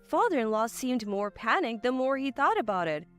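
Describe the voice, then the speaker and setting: A woman narrating a family drama story in the first person, in a steady storytelling manner. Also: on the high side, moderate pace, soft background music.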